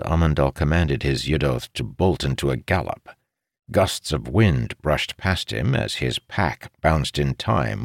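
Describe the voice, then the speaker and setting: A man narrating a fantasy audiobook in an expressive storytelling manner. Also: very deep voice, gravelly, no echo, studio quality.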